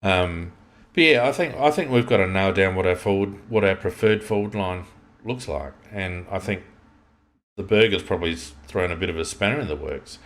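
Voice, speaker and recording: A low-voiced Australian man with a fairly bright tone co-hosts a football podcast. He chats casually, rambling and restarting as he airs strong opinions.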